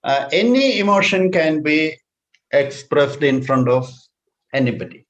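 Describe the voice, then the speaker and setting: A man's voice: a little high, expressive, a little slow, dull audio. A man, a counsellor answering questions in an online session, explaining and repeating key phrases. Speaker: counsellor and workshop presenter. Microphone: video call.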